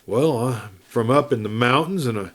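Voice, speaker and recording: A man reading aloud, voicing a cool, wry cowboy drifter who speaks in a slow drawl. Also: medium pitch, animated, fairly bright tone.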